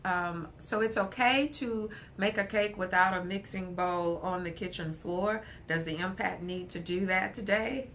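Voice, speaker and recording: A woman counselor giving an animated, emphatic livestream talk, often breaking into laughter. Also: lowish voice, measured pace, hardly any pauses, a little hiss or hum.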